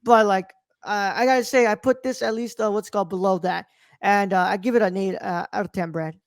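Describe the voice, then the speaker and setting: A woman co-hosts a podcast, chatting loosely about a film in a casual movie review, full of fillers and the odd swear word. Her mid-range voice has fairly even intonation and a brisk pace, recorded in studio quality with no echo.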